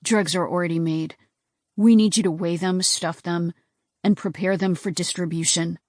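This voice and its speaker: A woman reading an audiobook and voicing a cold, bored, sarcastic male captor with a deep voice. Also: steady tone, moderate pace, darkish tone, no room sound, clean studio sound, natural voice.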